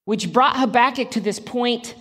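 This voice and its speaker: A woman preaches a sermon to a church congregation in a fairly high, slightly bright and husky voice at a moderate pace. Her style is conversational, with direct questions to listeners and dry humorous asides.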